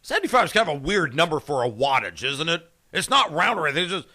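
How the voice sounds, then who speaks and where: A man hosting a morning radio show, excitable and jokey with rapid asides. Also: on the high side. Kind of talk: casual radio chat.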